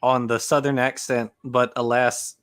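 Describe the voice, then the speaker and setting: A man's voice: mid-range voice, little pitch movement, unhurried, a bit bright, clear, resonant tone. A young man interviewing casually, laid-back, mostly giving short replies.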